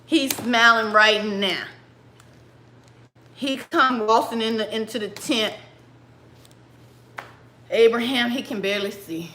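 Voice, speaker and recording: Woman livestream host with an unhurried, animated storytelling delivery and a bright voice. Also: mid-range voice, echoey room, a little hiss or hum. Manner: animated and laughing, breaks into song. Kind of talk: casual retelling of a Bible story.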